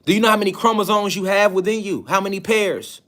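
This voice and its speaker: A man with a fairly high-pitched voice delivers a spiritual lecture to an online audience. He talks insistently and keeps throwing rhetorical questions at his listeners, pressing them to see his point. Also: fast talker, fairly bright tone. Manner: emphatic, insistent.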